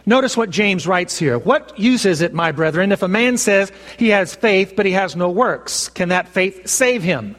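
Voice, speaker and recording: A man preaching a sermon, measured and emphatic, slowing down to stress key phrases. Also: sits high, animated, a bit bright. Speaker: pastor. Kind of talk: expository sermon. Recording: long reverb of a large hall.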